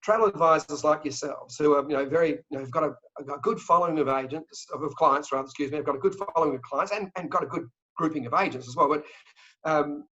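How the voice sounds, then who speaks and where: An Australian man talking fast and joking as a travel company sales director in an interview. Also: a little high, bright, forceful tone. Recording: dull lo-fi audio.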